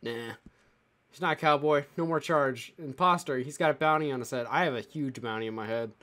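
A man's voice: mid-range voice, a little fast, pushed and bright. A man hosting a casual gaming stream, joking around, swearing and laughing often.

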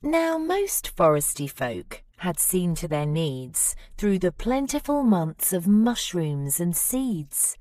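A woman reading a rhyming children's storybook aloud with lively, expressive narration. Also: fairly low pitch, takes it slowly, few pauses, no room sound. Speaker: storybook reader.

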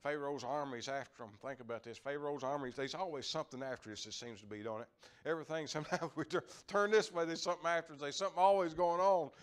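A man's voice: fairly high pitch, fast talker, hardly any pauses, smooth. An older man, preaching a folksy lay sermon, repeating words and chuckling as he talks.

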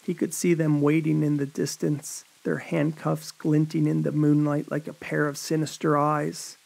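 Guy reading a scary story, slightly high gravelly voice, rain in the background. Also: monotone, normal speed, a little mellow. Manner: dramatic storytelling. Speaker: narrator. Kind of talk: scripted horror narration.

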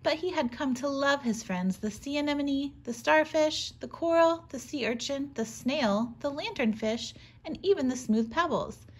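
A preschool teacher reading a picture book aloud to children in a gentle, animated storytelling manner. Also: female voice, high-pitched, normal speed, hardly any pauses.

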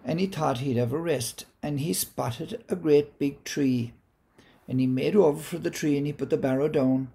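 Irish male storyteller, gravelly and mellow, gentle unhurried telling. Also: fairly high pitch. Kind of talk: told folk tale with a moral.

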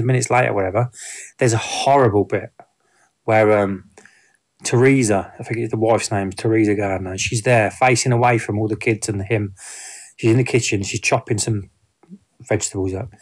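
A man's voice: fairly low pitch, fairly even intonation, normal speed. A man giving a casual spoken film review, rambling with many fillers and restarts.

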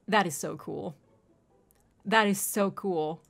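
A young woman hosting a gaming channel, giving excitable, gushing let's-play commentary and addressing viewers as ladies and gentlemen. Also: mid-range voice, very slow, vocal fry, pauses often.

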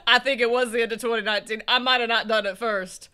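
A man's voice: very high-pitched, fairly even intonation, fast talker, sharp tone, clean tone. A man with a Southern US accent, rambling and joking as he comments on a game he's playing. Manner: rambling, self-mocking, laughs often. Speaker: let's play co-host. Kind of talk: casual gameplay commentary.

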